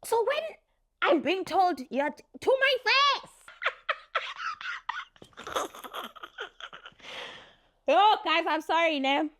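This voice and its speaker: A young woman telling a story on her vlog in a lively, laughing way, acting out what people said. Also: very high-pitched, drawn-out words, long pauses, a little hiss or hum. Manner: animated, laughing, acts out quotes. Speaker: vlogger. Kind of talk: casual story time.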